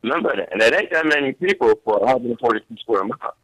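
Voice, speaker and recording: A man's voice: medium pitch, expressive, fast, fairly bright tone, dry recording, low-quality recording. Earnest man making his case. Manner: earnest, emphatic, informal grammar. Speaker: guest. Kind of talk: political talk show discussion.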